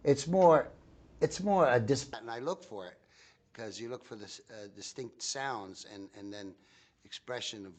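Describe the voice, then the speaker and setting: Excitable older man rambling in interview. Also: mid-range voice, a little slow. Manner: excitable, rambling with frequent restarts. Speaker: actor interviewed about a film. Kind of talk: casual interview.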